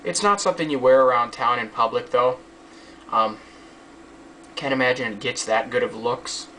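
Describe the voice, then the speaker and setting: A man's voice: mid-range voice, moderate pace, sharp tone. A man giving a casual hands-on tutorial, rambling and joking with a lot of swearing. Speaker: how-to video maker. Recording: distant mic with faint background hiss.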